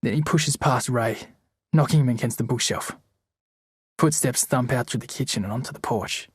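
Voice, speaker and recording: An audiobook narrator with a husky, mid-range voice reads scripted narration at normal speed. The recording is dry and studio quality.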